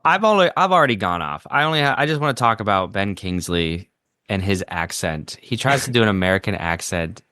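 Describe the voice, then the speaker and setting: A man's voice: lowish voice, animated, brisk, pushed and bright, dry recording, clean studio sound. A man co-hosting a podcast, talking about a movie in a wry, sardonic way. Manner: wry, sardonic, quotes lines with mock voices. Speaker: podcast co-host. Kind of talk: casual movie review chat.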